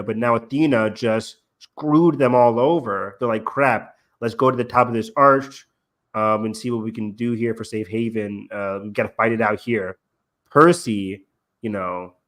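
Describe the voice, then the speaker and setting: A man's voice: medium pitch, a bit bright. A young man co-hosting a casual review chat, rambling with lots of fillers and acting out lines he quotes. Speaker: podcast co-host.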